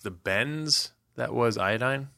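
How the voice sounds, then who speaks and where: A man's voice: mid-range voice, takes it slowly, creaky, pushed and bright, no room sound, clean studio sound. A man co-hosting a casual podcast, joking around and reading listener messages aloud with wry asides. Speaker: co-host answering player questions. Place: Canada.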